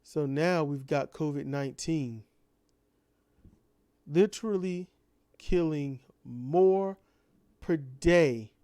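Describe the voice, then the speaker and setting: A man's voice: a little high, takes it slowly, pauses often, warm tone, smooth, no echo, clean studio sound. A man delivering an impassioned ranting monologue full of repeated rhetorical questions. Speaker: commentator.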